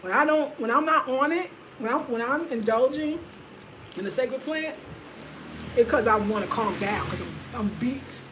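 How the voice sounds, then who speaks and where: A woman in her fifties chatting casually to her viewers, energetic and slangy, swinging from loud laughing bursts to low murmurs. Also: normal speed, background noise. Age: 50s. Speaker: vlogger. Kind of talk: casual chat to camera.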